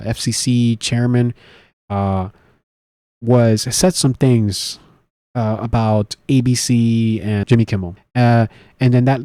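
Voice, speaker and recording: A man's voice: mid-range voice, warm tone, dry recording. A man giving casual solo political commentary, rambling with many fillers, restarts and self-corrections.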